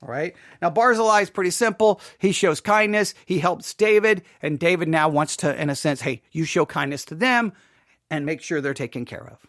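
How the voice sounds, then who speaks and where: Man, Bible teacher, high-pitched, dry, conversational, frequent "all right?". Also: moderate pace, a bit bright, dry recording. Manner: conversational, repeats words, asks "all right?" often.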